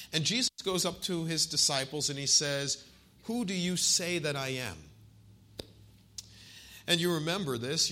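A man in his forties delivers a sermon in a bright, forceful voice. He puts questions straight to his listeners and slows down to lean on key phrases and scripture quotes. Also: mid-range voice. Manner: asks the congregation questions directly. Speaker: pastor.

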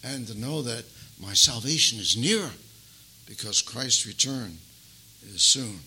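An older man preaching a sermon as pastor, emphatic and folksy, swinging between loud stresses and soft asides. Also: mid-range voice, lively intonation, measured pace, slight background noise, rough recording. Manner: addresses listeners as beloved, folksy asides.

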